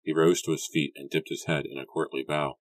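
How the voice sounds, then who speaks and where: A man narrates an audiobook in a calm, measured way. His voice is strikingly deep, and the recording is dry and close with no room sound. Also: no room sound. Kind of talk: scripted narration.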